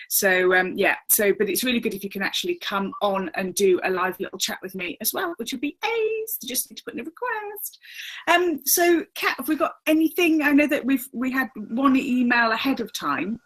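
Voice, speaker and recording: Lady hosting an online advice show, chatty, bit of a higher voice, lots of ums. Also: poor audio. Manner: chatty and warm-hearted, with laughs and loose fillers. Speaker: host and agony aunt. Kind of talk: live webinar advice chat. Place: home computer set-up for a live webinar.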